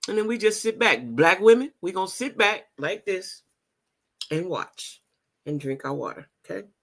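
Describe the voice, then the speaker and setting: A woman's voice: fairly low pitch, animated, normal speed. A middle-aged woman talking straight to viewers in a casual vlog. She is emphatic and repeats phrases for emphasis. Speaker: vlogger.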